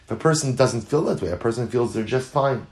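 This man, a Torah teacher, talks briskly at a medium pitch while giving a Talmud lesson. His tone is earnest, with Hebrew and Yiddish words mixed in, repeated phrases for emphasis, and moments that swell into animated, louder passages.

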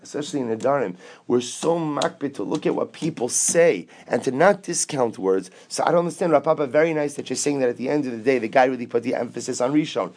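A man's voice: medium pitch, a little mellow. A man teaching a Talmud class, explaining step by step with rhetorical questions and mixing English with Aramaic and Hebrew quotes.

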